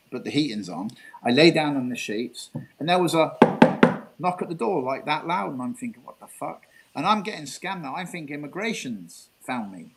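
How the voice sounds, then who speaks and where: A man's voice: mid-range voice, slightly rough, poor audio. An English man from England, a guest telling a long rambling story, repeating himself and swearing. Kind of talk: casual storytelling interview.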